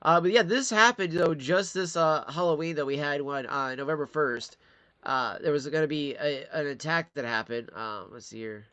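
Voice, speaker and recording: A man's voice: a little high, moderate pace, sharp tone, no room sound. A man from Michigan ranting in a live-stream commentary, profane and rambling, talking straight to his chat. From Michigan, USA.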